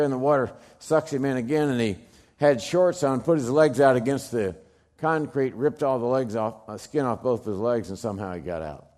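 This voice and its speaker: Middle-aged guy telling a story, loud bursts then real quiet bits, very dramatic. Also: normal speed. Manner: emphatic, swings from loud bursts to hushed low lines. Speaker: speaker telling a personal story.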